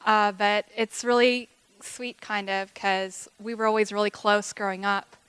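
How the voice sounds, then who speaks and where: A woman's voice: mid-range voice, flat delivery, measured pace, fairly bright tone, smooth, dry recording. A woman giving an emotional, chatty wedding toast for her sister, close to tears and acting out remembered dialogue. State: tearful.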